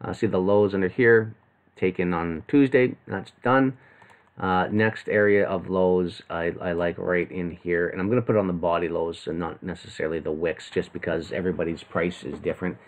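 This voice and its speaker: Man, low voice, live trading commentary, casual and rambling with fillers. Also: fairly even intonation, moderate pace. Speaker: trading analyst.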